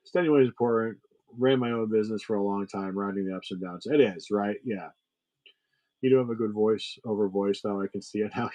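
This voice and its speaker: Hosting a livestream sale, this middle-aged man talks loosely with his viewers, wandering through his points with many fillers and false starts. His voice is lowish and slightly mellow, captured in a poor-quality recording.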